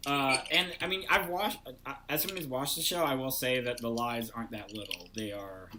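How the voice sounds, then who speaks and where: A man's voice: medium pitch, a little fast, background noise. A man hosting an improv comedy show over a video call, joking playfully and trailing off with fillers. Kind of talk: casual comedic banter.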